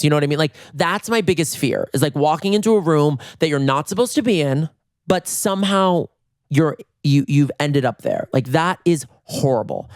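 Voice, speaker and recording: A man in his thirties hosting a podcast from his bedroom, telling funny stories in a lively way, jumping into high voices when acting out scenes. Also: dry recording, clean studio sound. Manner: animated, acts out voices with big jumps in pitch. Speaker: podcast host. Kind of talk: comedic storytelling.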